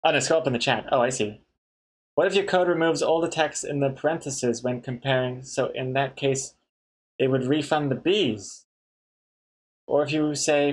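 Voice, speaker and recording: A man's voice: medium pitch, sing-song, normal speed, pauses often, breathy edge. A man chatting casually on a live stream, reading viewer messages aloud and joking with the chat. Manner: chatty, reads chat aloud, laughs at jokes. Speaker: comic artist streamer.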